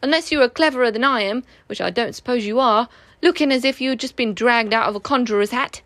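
A woman's voice: a little high, fast, a bit bright, no room sound. A woman voicing a haughty, vain female otter in a storybook reading, with a demanding manner.

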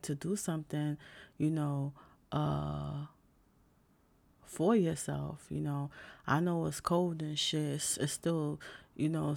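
Young new woman venting, gravelly fry in her voice, cussing nonstop, lots of fillers. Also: sits low, darkish tone. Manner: blunt, heavy swearing, lots of fillers. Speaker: vlogger. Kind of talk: casual rant to camera.

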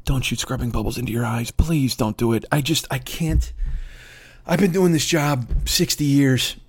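Elderly doctor, exhausted and pleading, hushed low voice, put on by a man. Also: normal speed, husky. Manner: soft, pleading.

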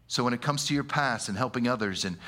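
Bright-voiced, animated male preacher. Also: medium pitch, fast talker. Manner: animated, conversational, with slang and frequent stammered restarts. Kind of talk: sermon.

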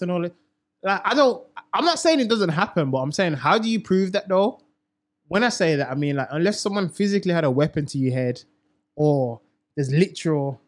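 A man's voice: high voice, sing-song, fairly quick. A young man, co-hosting a casual chat show, talking in slang and repeating himself for emphasis. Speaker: podcast co-host.

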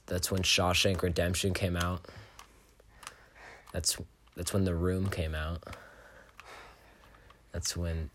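Young male co-host, low voice, rambling slangy chat, loose and jokey. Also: flat delivery, slow, long pauses, noisy background. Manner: rambling, laughs often, says "bro" and "like". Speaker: podcast co-host. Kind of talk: casual chat.

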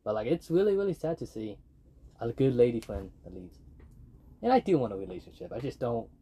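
A man's voice: mid-range voice, big pitch swings, fairly quick, warm tone, husky. A young man chatting casually, telling rambling stories full of fillers. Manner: rambling, filler-heavy storytelling. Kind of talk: casual podcast chat.

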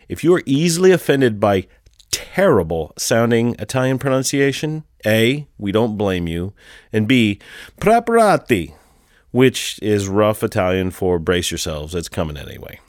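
A man's voice: lowish voice, moderate pace, no room sound, studio quality. A man, the show's editor, giving a jokey scripted introduction. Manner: jokey, playful, animated delivery. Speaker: show editor.

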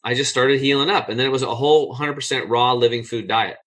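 A man's voice: mid-range voice, steady tone, fast talker, a bit bright. A man, a podcast guest, telling a personal story with animation and casual bluntness, acting out other people's lines in a raised voice.

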